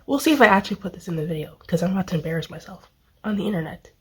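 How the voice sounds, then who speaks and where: A woman book vlogger talking casually to the camera, gushing and excitable, rambling with many fillers and restarts. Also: on the low side, very fast, husky. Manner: gushing, excitable, lots of exclamations. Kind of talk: casual reading vlog.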